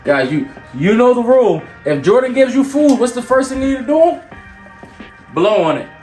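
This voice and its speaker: High-voiced energetic motivational speaker man. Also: moderate pace. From York, Pennsylvania. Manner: energetic and preachy, with teasing banter. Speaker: motivational speaker and show host. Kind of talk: casual motivational talk while cooking. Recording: echoey room, mic at a distance, music underneath.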